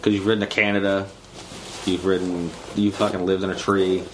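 A man's voice: low-pitched, little pitch movement, brisk, heavy background noise. A young man hosting a casual podcast chat, crude and jokey, laughing often and squeamish. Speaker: podcast host.

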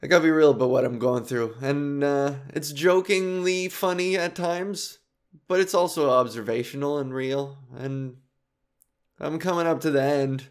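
A man in his thirties hosting a comedy podcast alone, talking confessionally in a rambling, self-deprecating way with many restarts, emotional after a recent cry. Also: medium pitch. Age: 30s. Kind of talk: confessional solo podcast monologue.

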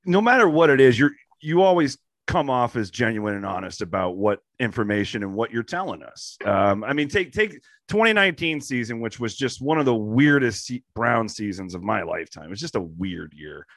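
A man's voice: medium pitch, lively intonation, normal speed, few pauses, a bit bright, no room sound. A man in a casual podcast conversation who gives supportive, agreeing replies and praises his guest. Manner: supportive, short backchannel replies.

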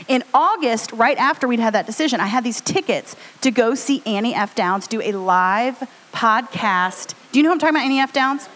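Bubbly chatty woman on a live stage. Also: fairly high pitch. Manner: chatty, rambling, animated. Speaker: podcast co-host. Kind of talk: live storytelling podcast talk. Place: stage before a live audience. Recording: long hall reverb.

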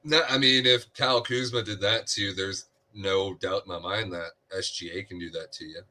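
A man co-hosting a sports podcast, breaking down the game in a measured way with dry humor. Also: low voice, steady tone, pushed and bright. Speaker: podcast co-host. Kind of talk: casual sports podcast analysis.

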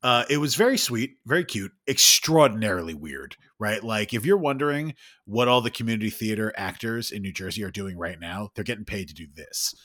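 Animated bright-voiced man telling a story. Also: lowish voice, a little fast. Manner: animated, swearing storyteller who laughs a lot. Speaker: podcast co-host. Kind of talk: casual chat.

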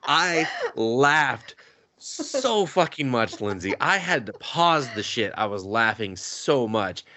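A man's voice: mid-range voice, big pitch swings, slow, sharp tone, slight background noise. A man hosting a podcast, casually recapping an anime, swearing freely and laughing as he retells scenes. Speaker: podcast host.

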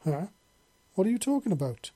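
Man putting on an eager young woman, lifted pitch, dark husky timbre underneath. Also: level tone, normal speed, no room sound, close to an everyday voice. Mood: excited. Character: young human woman, earnest and excitable.

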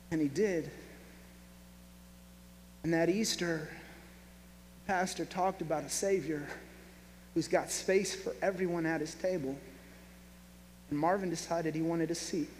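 A man preaching a sermon, telling a story with lively acted-out voices. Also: fairly high pitch. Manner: animated storyteller, acts out quoted voices. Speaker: pastor. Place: church hall. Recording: reverberant hall, faint hum.

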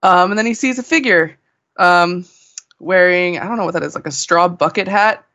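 A woman contributing to a podcast, recapping a comic chapter in casual chat with brisk, wry asides. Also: on the low side, a bit bright, dull audio.

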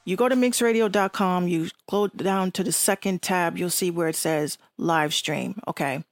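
A woman's voice: on the low side, normal speed, no echo. A woman with a Bronx accent hosting an online radio show, ranting bluntly and profanely in casual talk.

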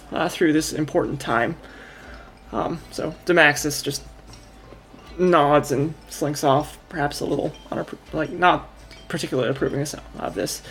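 A woman's voice: deep voice, fairly bright tone. A woman narrating a tabletop game as game master, rambling and correcting herself as she goes.

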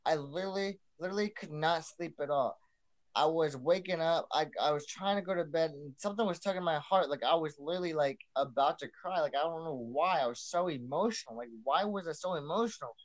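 A man's voice: on the high side, fairly quick. A young man sharing his personal testimony as a podcast guest, earnest and repeating himself, restarting lines as he goes.

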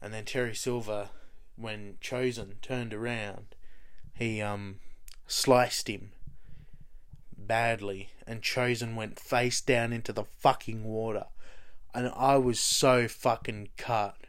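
A man who's a fan of a TV show recaps its episodes casually in a fairly low, fairly even voice at a slow pace. His talk is profane and rambling, packed with fillers like "you know" and "like."

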